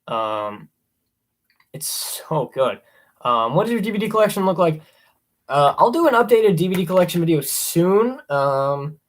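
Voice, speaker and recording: Rambling young man on a live stream. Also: on the high side. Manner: rambling, many ums, enthusiastic. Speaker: livestream host ranking horror films. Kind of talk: casual live-stream chat.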